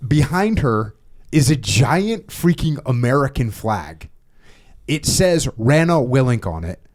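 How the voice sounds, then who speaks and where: A man's voice: medium pitch, big pitch swings, takes it slowly, darkish tone. A man hosting a podcast who talks casually and bluntly, with emphatic phrases and some swearing. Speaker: podcast host. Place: podcast studio.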